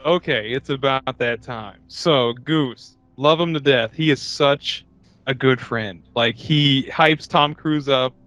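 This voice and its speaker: A man co-hosting a casual movie-and-beer podcast, joking and crude, laughing loudly. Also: mid-range voice, slow, no echo, muffled recording, soft background music. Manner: loud bursts of laughter, jokey and crude. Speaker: podcast co-host.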